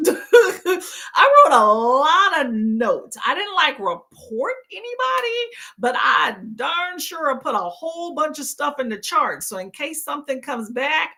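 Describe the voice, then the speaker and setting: A woman's voice: sits high, very animated, takes it slowly, bright, forceful tone. A tired woman hosting a casual reading livestream, chatty and laughing often as she greets her chat. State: tired from no sleep. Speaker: livestream book club host.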